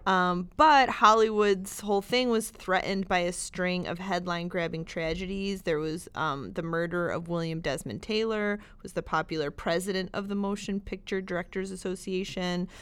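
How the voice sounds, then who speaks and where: A woman's voice: on the low side, steady tone, normal speed, few pauses, a bit bright, clear, resonant tone. A woman co-hosting a library podcast, recommending books in an enthusiastic, chatty way with many fillers. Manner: enthusiastic, chatty, laughs easily. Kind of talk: casual podcast chat.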